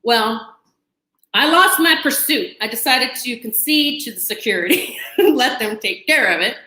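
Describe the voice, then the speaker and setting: A woman's voice: on the high side, animated, moderate pace, sharp tone. A woman host telling a personal story to camera in a chatty, dramatic way, with asides and laughter. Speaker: channel host. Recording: echoey room.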